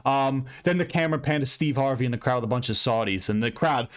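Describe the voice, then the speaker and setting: Guy ranting thru a fight recap, swears a ton, gets hyped then flat again, normal mid voice. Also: medium pitch, fast. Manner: profane, blunt and rambling, with bursts of excitement. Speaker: MMA commentator recapping fights. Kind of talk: casual fight recap vlog.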